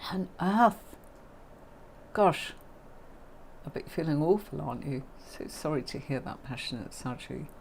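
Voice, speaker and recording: A woman's voice: extremely low pitch, gravelly, darkish tone, a little hiss or hum. Woman, middle-aged, tarot host on a livestream, chatty, affectionate, casual teaching. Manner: chatty and affectionate, calls viewers darling and my lovely.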